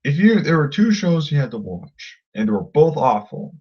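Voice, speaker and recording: A man's voice: a little high, sing-song, normal speed, few pauses, husky, lo-fi sound. A man ranting angrily at a critic, combative and insulting, often repeating himself. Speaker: vlogger. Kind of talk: angry rant to camera.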